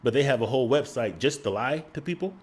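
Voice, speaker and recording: A man giving measured, critical commentary on a video. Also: medium pitch, expressive, slightly rough.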